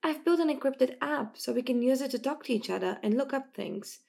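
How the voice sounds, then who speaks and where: A nerdy teen boy who builds his own apps and turns sarcastic when doubted, read by a woman in a storybook. He talks earnestly and a touch self-consciously. There is a light gravelly grain in the voice. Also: high-pitched, brisk, darkish tone, pitched above the performer's own voice. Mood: excited.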